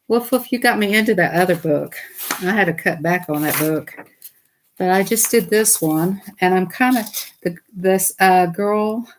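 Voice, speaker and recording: A woman, hosting a casual livestream from home at night on a desktop computer mic. She chats excitably with her viewers and laughs often. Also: fairly low pitch. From Southern United States. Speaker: livestream host.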